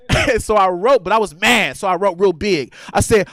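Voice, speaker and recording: A man with a high voice tells a crude, animated stand-up story, laughing as he goes. The sound is dry and close on the mic. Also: a little slow, no room sound. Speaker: stand-up comedian. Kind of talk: stand-up set. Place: comedy theater stage.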